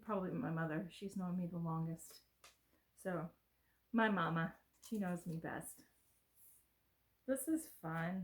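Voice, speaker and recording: A middle-aged American woman speaks in a lowish voice, a little slowly and with long pauses. It's casual, slightly rambling chat as she unboxes gifts for her home vlog.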